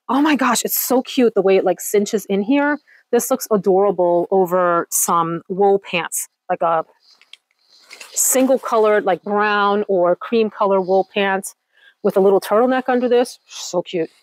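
A middle-aged woman talks straight to her viewers in a chatty, gushing way, easily excited as she goes. Her voice sits at a middle pitch for a woman. The recording is dry and close, with no room echo. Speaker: closet declutter vlogger. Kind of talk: casual chat to camera.

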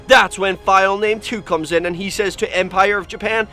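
Hyped, bright-voiced male YouTube host. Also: sits high, moderate pace, hardly any pauses, soft background music. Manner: hyped, dramatic, reads out comments. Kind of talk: energetic vlog narration.

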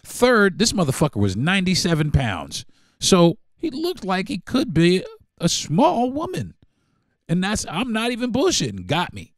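A man hosting a podcast spins a casual, profanity-laced story, jumping into the voices of the people in it. His pitch swings widely as he talks. The sound is close and dry, with no room around it. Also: a little slow, dry recording. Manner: animated, profane, acts out dialogue. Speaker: podcast host.

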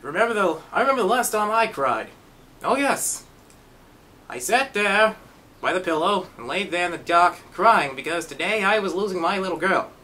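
A man's voice: high voice, expressive, moderate pace, bright, forceful tone, voice pushed up. A man putting on a weepy, doting stage father. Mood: mournful. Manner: sentimental, exaggerated lament. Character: doting middle-aged father losing his daughter.

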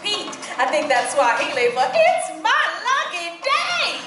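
A woman's voice: very high-pitched, huge pitch swings, unhurried, exaggerated voice. A woman playing a sassy, flirtatious troupe singer who teases an audience member. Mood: teasing. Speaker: stage show performer. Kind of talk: live theater audience play. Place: large theater-in-the-round with an audience. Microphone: camcorder in the audience. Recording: distant echoey live venue, crowd and music.

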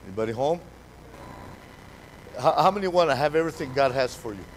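Animated preaching pastor, man. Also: medium pitch, fast, a little hiss or hum, low-quality recording. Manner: animated preaching, calls to the congregation, repeats words. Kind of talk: sermon. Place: church hall during a live service.

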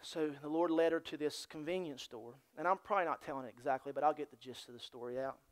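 A man preaching a sermon as pastor in a church, dropping to hushed near-whispers and then building to loud, excited storytelling. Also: on the high side, fast talker.

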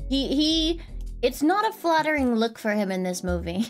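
Woman streamer, fairly high voice, chatty and giggly, faint music behind. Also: very animated, moderate pace. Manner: rambling and giggly, retelling a movie scene. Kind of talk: casual chat on a livestream.

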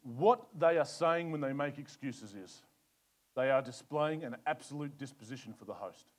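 Preaching at a normal speed, this middle-aged Australian man leads a sermon as pastor. He alternates between forceful, pressing bursts and hushed, low-voiced remarks.

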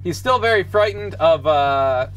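A man's voice: a little high, expressive, measured pace. A young man acting as game master, narrating a tabletop board game in a playful, jokey way.

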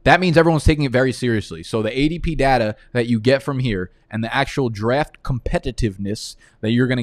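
A man's voice: mid-range voice, dry recording. A man hosting a live fantasy football draft, talking in a casual, rambling way and swearing freely. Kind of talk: live-streamed draft commentary.

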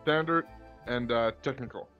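A man chimes in with dry, teasing quips while a friend plays a game. His voice sits at a middle pitch. The audio is dull and lo-fi, with game music underneath. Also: moderate pace, smooth. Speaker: co-player friend. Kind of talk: casual gameplay chat.

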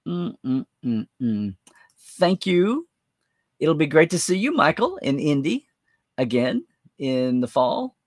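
A man with a fairly high voice hosts a live-stream chat, answering viewer comments as he rambles and thinks aloud. He's chatty and uses lots of fillers, and the recording is dry and studio quality.

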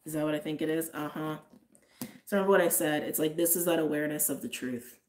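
Chatty woman doing a tarot reading, low voice, lots of "like"s. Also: quick pace, a little mellow, slight background noise. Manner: chatty, lots of "like", frequent laughs. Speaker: tarot reader. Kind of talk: casual intuitive tarot reading.

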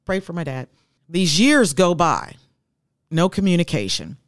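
A woman's voice: on the low side, very animated, a little slow, no echo, studio quality. A woman in her fifties, a guest telling her life story in an interview, heartfelt and reflective.

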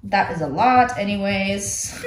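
A young woman vlogging about books, talking herself through a craft project with excited gasps and chatter. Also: medium pitch, slow pace, slight background noise. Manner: excitable, gasping, talks herself through each step. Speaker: book vlogger. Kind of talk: casual crafting commentary. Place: room at home. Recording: echoey room with faint clicks.

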